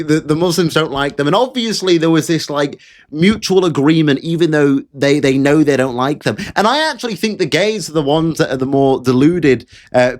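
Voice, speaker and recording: Sarcastic man ranting. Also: a little high. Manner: sarcastic, mocking, repeats phrases for effect. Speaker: political commentator. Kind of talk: casual ranting commentary.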